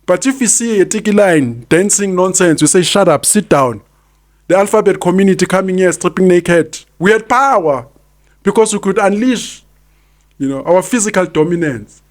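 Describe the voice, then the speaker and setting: Speaking at normal speed in a high voice, a South African podcast host in his fifties gives opinionated commentary, repeating his points to press them home.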